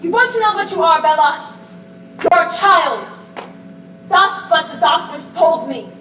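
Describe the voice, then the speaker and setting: A woman's voice: very high voice, animated, measured pace, sharp tone, heavily acted. A woman playing a stern, curt old grandmother. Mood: harsh. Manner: curt, clipped and unyielding. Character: stern, bitter old grandmother, cold and controlling. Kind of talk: amateur stage acting. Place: school stage. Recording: distant stage recording in an echoey hall with hiss.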